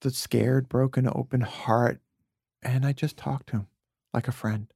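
A man's voice: mid-range voice, steady tone, unhurried, gravelly, mellow, breathy edge, no room sound, clean studio sound. A middle-aged man from New York City as a podcast guest, telling earnest, confessional stories in a reflective conversation and sometimes dropping to a near-whisper.

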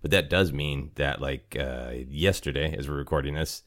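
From his apartment, a male podcast host rambles through a casual chat, poking fun at himself and laughing often. His voice rumbles low with a slightly bright edge, and he speaks at a normal speed.

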